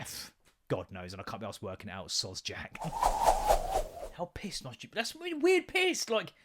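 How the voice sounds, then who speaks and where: A man hosting a podcast, telling a story in a casual, sweary rant. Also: on the high side. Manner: animated, sweary, mimics voices in anecdotes. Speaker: podcast host.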